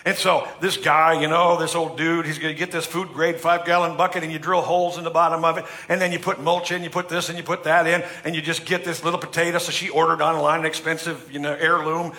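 Middle-aged American pastor, bright forceful voice a bit high, jokey preaching, acts out quotes. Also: male voice, level tone, quick pace, few pauses. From United States. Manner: humorous, chatty preaching with acted-out quotes. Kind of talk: sermon.

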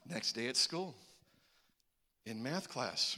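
A man in his forties preaching a sermon, an animated storyteller who acts out the voices in his stories. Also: on the high side, normal speed. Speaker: pastor.

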